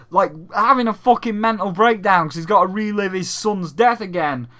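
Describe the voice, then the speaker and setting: A young man vents in a loose, sweary rant, now and then mimicking others in a mocking tone. His voice sits a little high and has a bright, forceful edge. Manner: profane, animated, slips into mocking impressions. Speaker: gaming vlogger. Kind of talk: casual ranting commentary.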